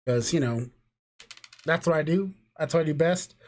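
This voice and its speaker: A man's voice: a little high, moderate pace, a little mellow. A man in his thirties from New Mexico hosting a podcast, tipsy from drinking and ranting in a loose, profane, jokey way. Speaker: podcast host. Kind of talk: casual chat.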